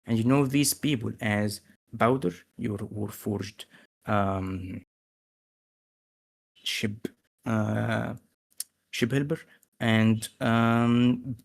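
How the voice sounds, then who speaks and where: A man with a gravelly voice narrating as game master, hesitant with many fillers. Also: fairly low pitch.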